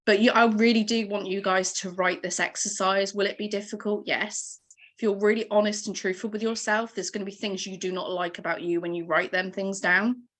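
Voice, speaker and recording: A woman's voice: mid-range voice, little pitch movement, a little fast, fairly bright tone. A woman in her thirties giving an encouraging, emotional motivational training to her team over a video call.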